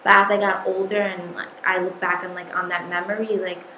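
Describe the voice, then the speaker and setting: A woman's voice: mid-range voice, little pitch movement, a little fast, sharp tone. A young woman telling a personal story in a casual, rambling way, with many "um"s and "like"s. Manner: rambling, full of "um" and "like". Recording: echoey room with light noise.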